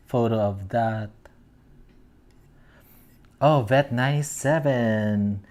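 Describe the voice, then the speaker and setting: A man's voice: mid-range voice, a little mellow. A man hosting a casual fan commentary show, reading out posts and rambling, often stopping to search for words. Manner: meandering, searching for words aloud. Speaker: host.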